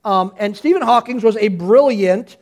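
Lively, high-voiced male pastor preaching. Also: moderate pace. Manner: lively, conversational preaching with frequent restarts. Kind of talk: sermon.

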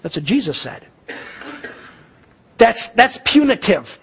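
A male pastor delivering a sermon, preaching emphatically with dramatic pauses and repetition. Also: sits high, big pitch swings, creaky, husky.

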